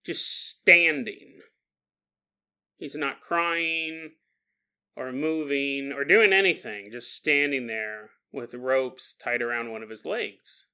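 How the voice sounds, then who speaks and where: A man's voice: mid-range voice, slow, pushed and bright, clear, resonant tone, pitched below the performer's own voice. A man putting on the voice of a scared little preschool boy who sees ghosts, wide-eyed and pleading. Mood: eerie.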